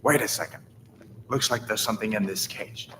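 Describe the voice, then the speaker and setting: A man's voice: fairly low pitch, a little fast, slight background noise. An actor playing an urgent, commanding male soldier fleeing a dragon attack in a video game. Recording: game audio under loud music.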